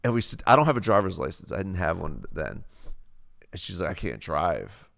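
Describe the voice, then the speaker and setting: A man's voice: deep voice, big pitch swings, a little fast, creaky, fairly bright tone. A young man on a live stream, casually telling a rambling, profane story. He often acts out what people said in a raised voice.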